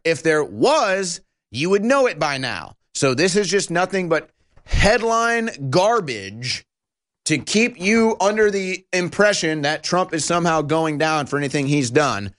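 A man's voice: on the high side, sing-song, a little slow, fairly bright tone. Impassioned male talk radio host. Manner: emphatic and indignant, repeats phrases.

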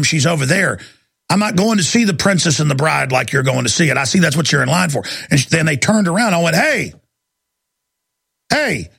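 Gravelly ranting male radio host. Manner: shouting and ranting, voice climbing high when angry. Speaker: radio talk show host. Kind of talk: angry on-air rant.

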